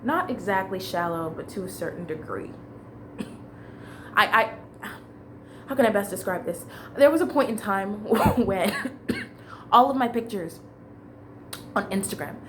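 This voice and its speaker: A woman's voice: medium pitch, expressive, unhurried, long pauses, background noise. A woman telling a long personal story in a casual, rambling way, with fillers and restarts.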